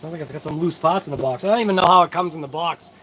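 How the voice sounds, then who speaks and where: Tired male host, high-pitched, easygoing live-chat delivery, faint background noise. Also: rapid-fire, a bit bright, poor audio. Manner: tired, yawning, laid-back and chatty. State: sleepy. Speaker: RC channel host. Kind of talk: casual live-stream chat.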